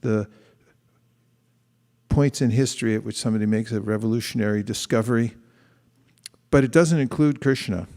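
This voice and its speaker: A man with a low, mellow voice gives a relaxed, conversational sermon, stopping to read scripture aloud and reflect on it. His voice rings out with a long reverb, as if in a large hall. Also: normal speed, long pauses. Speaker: speaker giving a scripture class.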